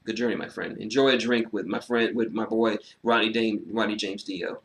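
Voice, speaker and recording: At a normal speed and a fairly low pitch, a man gives a solo review of a wrestling show. The talk is casual and animated, full of sarcasm, free-flowing profanity, and frequent fillers.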